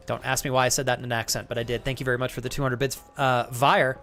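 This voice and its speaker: A man's voice: mid-range voice, brisk, bright, forceful tone, soft background music. A man live-streaming a game, joking crudely with chat and thanking viewers as he plays. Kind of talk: live gaming stream banter.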